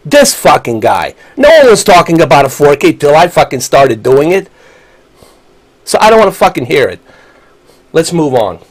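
A man's voice: fairly high pitch, very animated, moderate pace, pauses often. A man, ranting angrily and profanely while live-streaming a game. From Bosnia. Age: 40s. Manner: angry, profane, combative.

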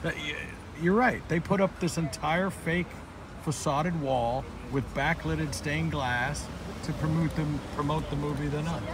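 An excitable, joking man vlogs as he walks busy city streets, his voice sitting a touch high. Traffic and street noise run clearly behind him the whole time. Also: measured pace. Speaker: vlogger. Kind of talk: casual vlog walk-and-talk.

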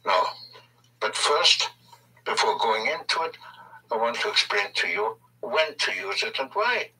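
A man gives a recorded language lesson, speaking slowly and with lively rises and falls in his pitch. His voice is bright and thin, quite husky, and sits away from the microphone on an old tape. He explains patiently and repeats key phrases for emphasis. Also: far from the mic, low-quality recording. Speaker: language teacher.

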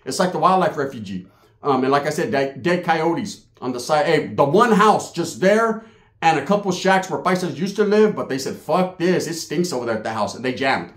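Man, comedic storytelling, highish voice, echoey room. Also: expressive, normal speed. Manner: profane, streetwise, acts out voices.

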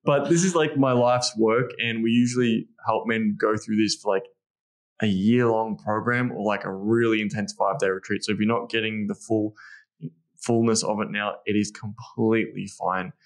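A man's voice: lowish voice, steady tone, normal speed. A man in casual podcast talk as a dating coach, blunt and profane, acting out his own lines.

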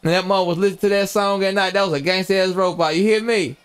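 Young man, high voice, casual game stream chat, slangy, profane, laughs a lot, animated storyteller. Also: fast, smooth. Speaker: streamer playing a role-play game.

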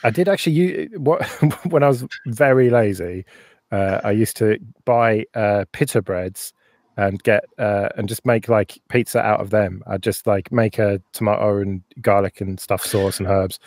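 Guy hosting a chat, kinda low voice, dry close sound, chatty and swears a bit. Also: moderate pace, a little mellow, no echo. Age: older than a younger co-host. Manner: chatty, swears, laughs often. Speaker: podcast host. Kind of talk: casual live-stream chat.

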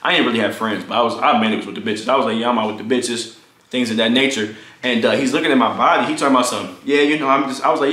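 A young man casually telling a profane, animated story about his college roommate, acting out what people said. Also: very fast, roomy sound, a little hiss or hum. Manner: animated, profane, acts out quotes in high voices. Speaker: storytime vlogger.

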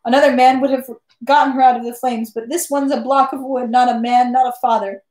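A woman voicing a distraught middle-aged mother who pleads and wails in a high, shaky voice. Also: flat delivery, a little fast, a little mellow, reverberant, natural voice. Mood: spiteful.

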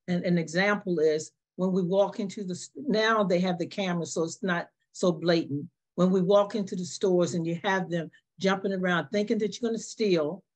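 A woman on a panel answering questions in a hesitant, conversational way, restarting often as she talks. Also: mid-range voice. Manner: hesitant, many fillers and restarts.

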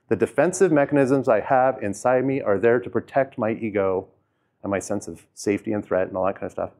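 A man talking casually about his own experiences in a self-help talk, rambling, with fillers and restarts, and dropping quiet on heavy moments. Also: fairly low pitch, fairly quick. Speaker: host sharing personal experience.

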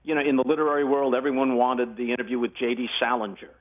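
An older man telling animated anecdotes in a casual interview. His voice sits at a middle pitch and sounds somewhat husky. It comes through a narrow, phone-like remote line. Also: quick pace. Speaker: guest sportscaster.

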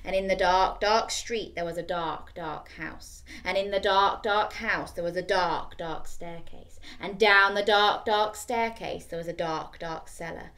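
A woman reading a bedtime story aloud to children, animated and inviting them to join in, dropping to a hushed, dramatic tone on the spooky repeated words. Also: mid-range voice, normal speed, hardly any pauses.

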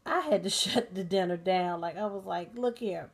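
A sleepy woman hosting a relaxed bedtime chat, talking casually with lots of fillers and laughs. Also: on the low side, normal speed, soft background music. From United States. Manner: relaxed, chatty, laughing often, many fillers. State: sleepy and tired. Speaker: host of a bedtime talk channel. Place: dim bedroom at night, soundscapes playing.

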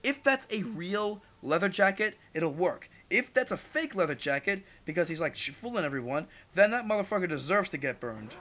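A young man chats loosely over a video game, his voice bright and a touch high. He wanders from thought to thought, swears casually and jumps into loud, indignant rants. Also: expressive, moderate pace, few pauses. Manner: rambling, swears a lot, jumps to loud outbursts. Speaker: gaming channel host. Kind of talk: casual gameplay commentary.

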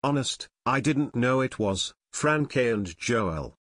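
A man's voice: medium pitch, expressive, takes it slowly, fairly bright tone, no room sound, clean studio sound. A man voicing Ken, a shy, earnest teenage boy who sounds a little hesitant.

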